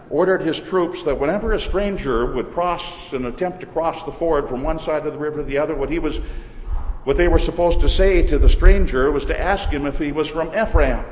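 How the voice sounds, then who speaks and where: Man, Minnesotan accent, pastor's sermon, higher voice, long church reverb. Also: a little hiss or hum. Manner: measured, deliberate preaching cadence.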